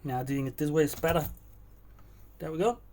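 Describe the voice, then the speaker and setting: A man's voice: on the high side, moderate pace, darkish tone, slight background noise. A man running a cooking livestream, chatting casually, answering his chat and musing aloud as he works in a kitchen. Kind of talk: casual live-stream chat while cooking. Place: home kitchen.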